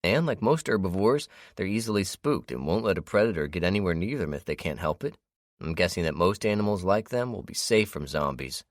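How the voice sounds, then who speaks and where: A man reading an audiobook, voicing a calm, patient hunter who explains things at length. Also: sits low, a little fast, no room sound, clean studio sound, pitched above the performer's own voice. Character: grown man, a hunter and guide, calm and steady.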